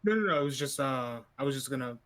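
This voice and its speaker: A man playing a tabletop game, recapping hesitantly with many pauses. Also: mid-range voice, animated, fairly bright tone, slight background noise. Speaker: player. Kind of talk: casual in-character recap.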